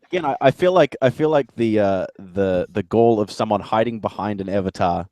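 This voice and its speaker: A man chatting as a guest on a livestream, blunt and halting with stammered restarts. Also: fairly low pitch, dark tone, no room sound. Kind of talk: casual livestream chat.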